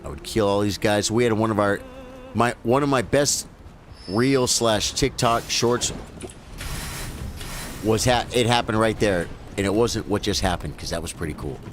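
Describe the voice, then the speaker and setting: A man's voice: on the low side, normal speed, a little hiss or hum. A man giving casual live commentary as he plays a video game, talking to his viewers as bro and folks. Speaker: gaming streamer.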